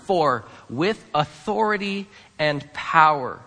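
A man's voice: mid-range voice, normal speed, fairly bright tone. A male pastor preaching a sermon in a church, earnest and emphatic, repeating key lines for weight. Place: church sanctuary. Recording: long hall reverb.

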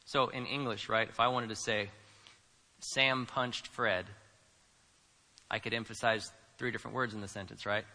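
A man preaching a sermon as a pastor, swinging between quiet asides and loud, emphatic lines. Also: lowish voice, steady tone, fast, few pauses. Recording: preached in a room with long reverb.

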